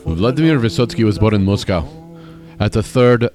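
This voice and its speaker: A man's voice: lowish voice, moderate pace, a little mellow, faint music behind. A man hosting a comedy podcast, reading a mock-serious documentary script in a playful, absurd way. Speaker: podcast host. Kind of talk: comedic read-aloud narration.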